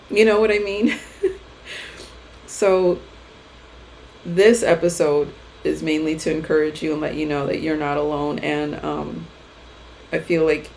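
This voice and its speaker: A woman's voice: on the low side, darkish tone, a little hiss or hum, low-quality recording. A woman hosting a podcast for mothers, reading her own blog post aloud and then chatting casually, heartfelt and encouraging, at times close to tears. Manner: heartfelt, encouraging, gets emotional. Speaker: podcast host.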